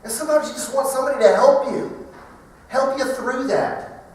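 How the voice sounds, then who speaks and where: A man's voice: very high voice, normal speed, far from the mic. Middle-aged man telling stories in an echoey hall. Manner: animated, acts out voices. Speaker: banquet speaker. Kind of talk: humorous storytelling talk. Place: large banquet hall.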